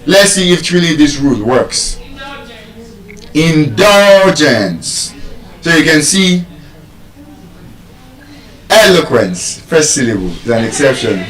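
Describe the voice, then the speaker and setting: Nigerian teacher drilling word stress. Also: male voice, fairly high pitch, expressive, a bit bright. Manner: drawn-out repeated words. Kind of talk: live pronunciation lesson. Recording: echoey room, far from mic.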